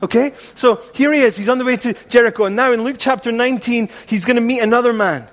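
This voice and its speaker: A man's voice: extremely high pitch, quick pace, long reverb tail. A man preaching a sermon as pastor, earnest and repetitive, asking the congregation rhetorical questions.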